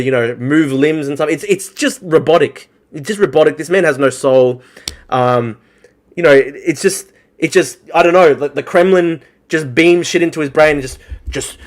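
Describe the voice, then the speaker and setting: Man streamer, live reaction rant, somewhat high voice, scornful, swears a lot. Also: moderate pace. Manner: scornful, profane, mocking. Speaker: political streamer.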